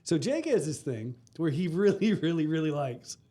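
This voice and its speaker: A man's voice: a little high, sing-song, normal speed, dark tone. A man, co-hosting a casual podcast and telling rambling hunting stories, laughing often. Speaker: podcast co-host. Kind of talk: casual chat.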